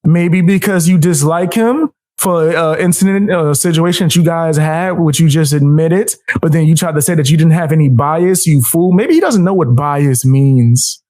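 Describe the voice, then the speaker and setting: Male streamer, mocking reaction commentary, slightly high voice. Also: moderate pace, few pauses, a little mellow. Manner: mocking, trash-talking. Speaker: streamer reacting to a debate clip.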